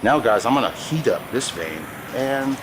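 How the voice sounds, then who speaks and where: Against a noisy background, a man with an expressive mid-range voice talks at a normal speed. As the show's host, he demonstrates an epoxy countertop pour, chatting with viewers in an eager, slangy way as he goes.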